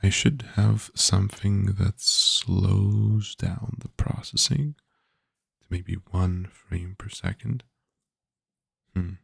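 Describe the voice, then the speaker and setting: A man's voice: deep voice, steady tone, slow, vocal fry, a bit bright, slightly rough, dry recording, clean studio sound. A man, a game developer, thinking aloud casually while coding, hesitant with many filler sounds.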